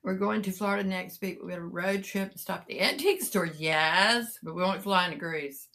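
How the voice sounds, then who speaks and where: A woman's voice: on the low side, fairly quick, pushed and bright. A middle-aged woman, chatting casually and rambling to live viewers, greeting them by name. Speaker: live-sale seller and vlogger.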